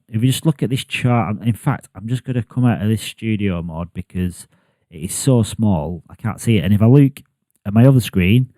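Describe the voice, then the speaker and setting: A man with a northwest English accent from Bolton talks casually to camera about his crypto channel, rambling and poking fun at himself. His voice is mellow and dark. The sound is dry and close, with no room echo. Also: lowish voice. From England. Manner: chatty, self-deprecating, rambling with fillers.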